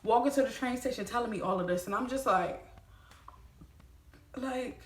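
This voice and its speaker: Animated woman telling a storytime vlog. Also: on the high side, fast talker, reverberant. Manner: animated, swears freely, addresses viewers as y'all. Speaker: vlogger.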